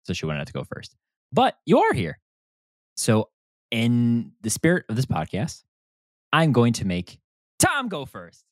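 Hyped-up animated male podcast host. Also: medium pitch, measured pace, long pauses, dry recording, clean studio sound. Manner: animated, hyped, swears freely. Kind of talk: excitable podcast chat. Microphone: remote recording setup.

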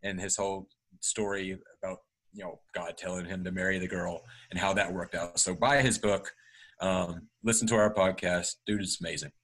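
A man's voice: low voice, fairly even intonation, normal speed, fairly bright tone, low-quality recording. A man co-hosting a podcast in casual, enthusiastic banter. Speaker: podcast co-host.

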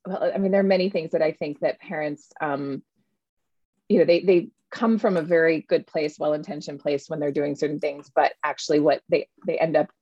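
A woman in her thirties, an author, chatting in an interview with an animated manner and plenty of fillers. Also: low voice, brisk, dry recording. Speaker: author and guest. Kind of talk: casual interview conversation. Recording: dull, lo-fi sound.

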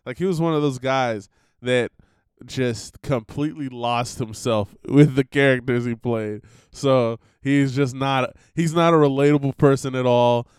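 A man's voice: medium pitch, unhurried, a little mellow, smooth, dry recording, clean studio sound. A young man hosting a podcast, rambling in a casual monologue full of fillers and laughter. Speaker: podcast host. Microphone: computer recording setup.

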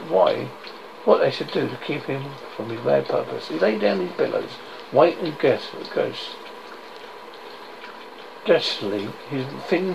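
A man reading a horror story aloud as a storyteller, in a measured way with stumbles and restarts. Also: medium pitch, creaky. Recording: dull lo-fi noisy recording.

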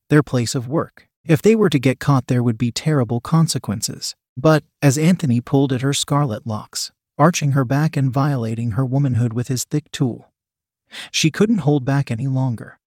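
A man narrating a scripted erotic story in a steady, measured reading. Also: medium pitch, no room sound, studio quality.

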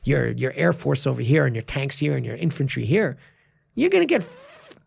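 A man's voice: medium pitch, gravelly, breathy edge, no echo, clean studio sound. A man who coaches martial arts and co-hosts a podcast, talking casually and with animation, swearing freely. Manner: animated, swears freely, quick bursts of enthusiasm. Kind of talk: casual chat.

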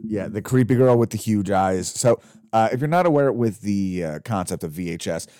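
A young man co-hosts a casual movie podcast, jumping in with animated, profane reactions. His voice sits fairly low. It sounds close-miked and dry. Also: normal speed, clean tone, no room sound. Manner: animated, swearing, jumps into mock voices. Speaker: podcast co-host. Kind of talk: casual chat about movies.

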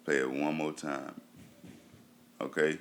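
A man's voice: rumbling low, little pitch movement, slow pace, fairly bright tone. A man casually reviewing TV shows for his viewers. He talks loosely, with lots of fillers, and repeats himself for emphasis. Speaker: TV show reviewer.

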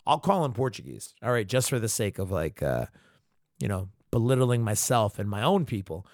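A man hosting a podcast, ranting with heavy profanity in an animated, mock-outraged way. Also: mid-range voice, normal speed, no echo, studio quality. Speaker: podcast host.

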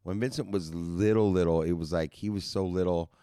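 Low-voiced man, reflective and profane. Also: steady tone, fairly quick, mellow, clear, resonant tone, no room sound, clean studio sound. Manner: reflective, profane, loose phrasing. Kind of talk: casual chat.

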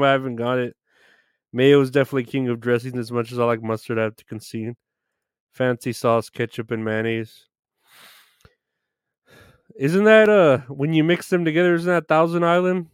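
A man's voice: medium pitch, clear, resonant tone, no echo, clean studio sound. A man hosting a live stream, chatting casually and rambling with plenty of swearing as he reads the chat. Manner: rambling, profane, easygoing.

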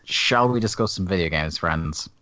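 A man's voice: low-pitched, moderate pace, pushed and bright, no echo. A man hosting a podcast in casual chat, jokey and wry, steering the talk from topic to topic. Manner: jokey, wry, leads segments.

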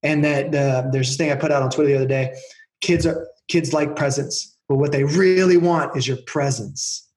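A man telling stories as a guest on an interview show, lively and acting out the people in his anecdotes. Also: on the high side, moderate pace. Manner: animated storyteller, acts out voices in anecdotes. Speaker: podcast guest, performance coach. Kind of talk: casual interview chat. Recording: roomy echo.

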